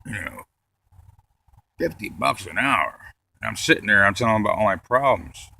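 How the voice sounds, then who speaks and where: A man doing a rambling, deadpan stand-up comedy set and cursing often. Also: on the low side, normal speed, gravelly, slightly rough.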